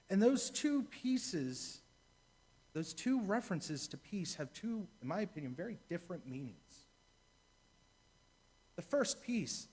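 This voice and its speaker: Deacon guy preaching in church, kinda high voice, tells stories and repeats stuff. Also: big pitch swings, unhurried, pauses often, a little mellow, husky. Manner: storytelling, repeats key phrases for emphasis. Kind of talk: sermon.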